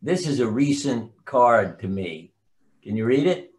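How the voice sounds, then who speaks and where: This older man, a physician and author, has a medium-pitched, darkish voice that swings widely in pitch and moves a little slowly. As a guest in a casual interview, he rambles through long anecdotes and sometimes loses track of names.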